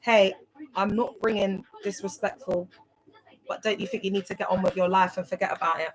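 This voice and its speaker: A young woman talks straight to her livestream audience in a casual, emphatic way. She keeps asking whether listeners follow her, and her voice sits at an ordinary middle pitch for a woman. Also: fairly even intonation, brisk, low-quality recording. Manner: chatty, emphatic, keeps asking "do you get it?". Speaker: livestream host.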